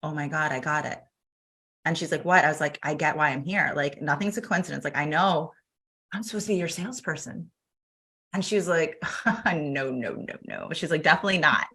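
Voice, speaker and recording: A woman in her thirties talking through her story for an interview. She acts out every back-and-forth as she goes and laughs along the way. Her voice is fairly low but bright and forward. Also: a little fast. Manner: animated, acts out quoted dialogue, laughs often. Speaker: podcast guest.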